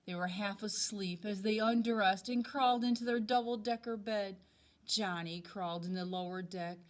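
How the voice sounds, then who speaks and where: A second-grade teacher with a mid-range voice reads a picture book aloud to children. She goes slowly, with expressive, dramatic delivery.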